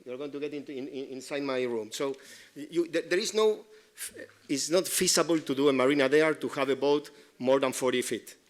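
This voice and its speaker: At a city meeting, a man with a medium-pitched voice gives public comment, pressing his complaints while halting and repeating himself.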